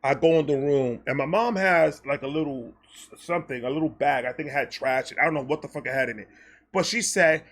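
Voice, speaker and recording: A man telling a comedic personal story as host, animated and profane, acting out quotes along the way. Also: on the high side, brisk.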